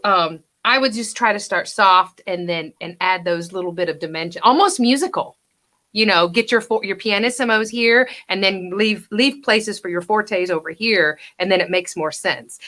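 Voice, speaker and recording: A woman giving an actor feedback over a video call, chatty, now and then acting out lines in a hush. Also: mid-range voice. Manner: coaching, chatty, acts out lines in hushed whispers. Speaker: judge and acting coach.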